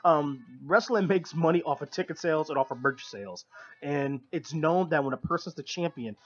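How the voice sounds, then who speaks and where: A man's voice: fairly high pitch, moderate pace. Opinionated man on a lo-fi radio show. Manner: opinionated, explains at length. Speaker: co-host of a wrestling review show. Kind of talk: casual radio chat. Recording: lo-fi radio broadcast.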